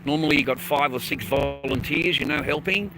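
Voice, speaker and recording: A man's voice: fairly high pitch, brisk, gravelly, music in the background, low-quality recording. An Australian man rambling casually to his viewers, swearing freely and full of slang. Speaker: livestreamer chatting with viewers.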